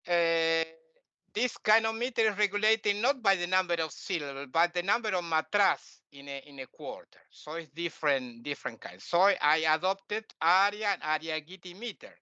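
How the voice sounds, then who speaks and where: Male teacher, non-native English, lecturing; bright and clear, halting with fillers, mutters asides; dull, dry recording. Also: high-pitched, no echo. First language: Spanish. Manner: drops into quiet muttered asides. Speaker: teacher and author. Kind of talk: lecture on scripture.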